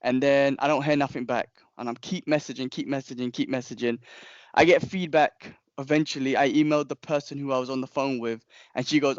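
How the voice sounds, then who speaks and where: A young man chatting on a podcast, he rambles through his story with plenty of slang and restarts. His voice sits at an ordinary pitch and sounds muffled and lo-fi, recorded dry with no room echo. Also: fairly even intonation, fairly quick, clean tone. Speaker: podcast co-host. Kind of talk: casual chat.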